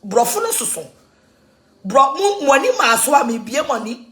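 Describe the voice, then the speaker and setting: A Ghanaian woman rants with mocking energy, laughing between sentences and jumping between languages. Her voice sits fairly high and swings widely in pitch. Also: sing-song, normal speed, fairly bright tone. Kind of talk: animated mocking rant.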